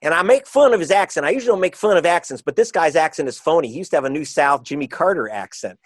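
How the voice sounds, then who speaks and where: A man being interviewed as an author and reporter, talking in an emphatic, combative way and slowing down to stress his points. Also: on the high side, lively intonation, no echo. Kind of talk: interview guest.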